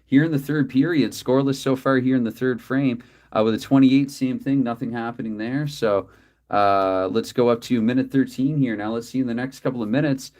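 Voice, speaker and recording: A man's voice: medium pitch, brisk, a little mellow. Chatty man calling a tabletop hockey game. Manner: chatty, self-correcting, apologetic asides. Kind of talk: play-by-play commentary of a dice hockey game.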